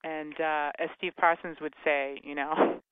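A man's voice: on the high side, little pitch movement, a little slow, smooth, no room sound. Chatty male radio co-host, lo-fi. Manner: chatty, upbeat self-promotion. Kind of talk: casual radio talk. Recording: phone-like lo-fi radio sound.

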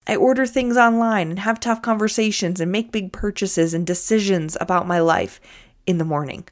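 A woman's voice: mid-range voice, normal speed. A woman giving frank relationship advice, speaking straight to the viewer in a coaching manner. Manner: frank, coaching, addresses listener as "you". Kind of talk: direct-to-viewer advice talk.

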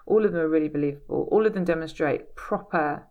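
A woman's voice: low voice, fast, phone-quality sound. A woman who works as a casting director, talking frankly and chattily in an interview. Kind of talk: casual interview chat.

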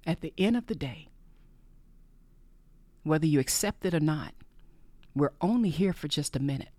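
A podcast host giving an earnest faith-based monologue, repeating phrases for emphasis and often sinking into a breathy whisper. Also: mid-range voice, animated, normal speed, a little mellow, no room sound.

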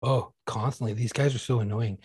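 A man with a husky, mid-pitched voice, recorded dry and close. He trades crude, joking anecdotes in a relaxed podcast chat. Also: a little fast, no echo. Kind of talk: casual chat.

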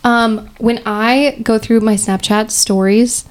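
A woman's voice: fairly high pitch, fairly even intonation, slow pace. Teasing woman on a casual podcast. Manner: teasing, playful. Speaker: podcast co-host. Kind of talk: casual chat.

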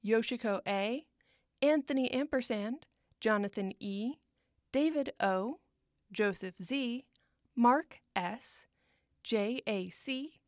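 Podcast host lady reading off patron names, slowish, kinda high, dry close sound. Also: no room sound. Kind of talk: scripted read.

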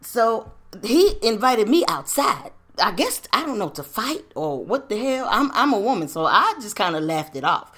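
A woman podcast host tells a true story from her life in an easy, street-smart way. Her talk is salty and full of asides and rhetorical questions. Her pitch rises and falls constantly as she talks. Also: normal speed. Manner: animated, slangy and profane, rhetorical questions. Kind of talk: casual personal storytelling.

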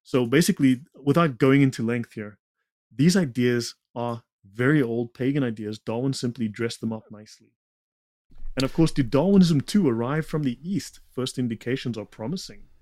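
A man's voice: medium pitch, normal speed, darkish tone, no room sound. Dry-voiced man lecturing with sarcastic asides. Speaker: guest presenting slides. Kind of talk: lecture-style talk in a conversation.

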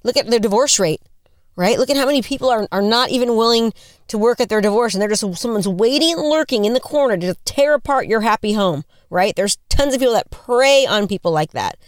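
A woman's voice: fairly high pitch, lively intonation, a little fast, no echo. Woman in her 40s, motivational speaker, earnest, chatty, dry close sound. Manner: earnest, conversational, repeats questions for emphasis. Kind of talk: motivational talk.

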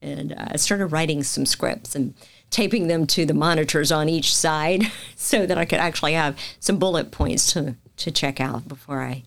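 Southern lady news anchor telling stories in a chat, kinda low voice, does all the voices. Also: normal speed, creaky. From Macon, Georgia. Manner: animated storyteller, acts out quoted lines. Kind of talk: casual interview storytelling.

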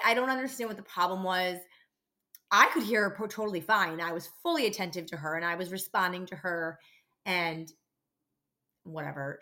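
A woman's voice: medium pitch, bright, forceful tone. A woman hosting a podcast, telling a work story in a blunt, exasperated way and swearing freely. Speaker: podcast host and dental office receptionist. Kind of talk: casual storytelling rant.

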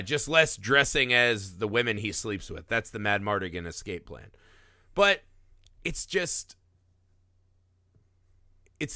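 A man co-hosting a casual film podcast, animated, acting out movie lines as he talks. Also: medium pitch, clean tone, no echo, studio quality. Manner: animated, quotes movie lines in put-on voices. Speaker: podcast co-host.

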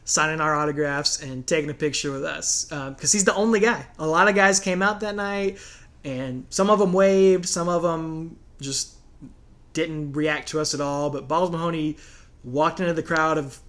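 A man in his thirties, chatting casually as a podcast co-host, telling stories in a relaxed way and laughing often. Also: fairly high pitch, normal speed. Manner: relaxed storyteller, laughs a lot. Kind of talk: casual chat.

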